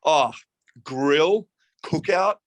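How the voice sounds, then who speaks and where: A man's voice: fairly high pitch, drawn-out words, dry recording. A man with an Australian accent, chatting as a guest in a casual interview, laughing often and swearing casually. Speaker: guest musician.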